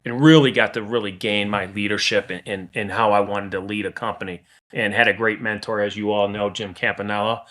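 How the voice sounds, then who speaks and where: A man with a fairly low voice talks about running his lawn care company on a podcast. He is plain-spoken and steady, circling back on his words as he goes. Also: fairly quick. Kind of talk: casual podcast conversation.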